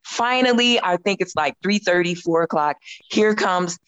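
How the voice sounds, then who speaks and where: A woman in her fifties tells a story as a podcast guest, animated and quick to laugh, acting out her own lines. Her voice sits a little low for a woman. The recording is close and dry. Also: dry recording, lo-fi sound. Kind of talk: casual storytelling chat.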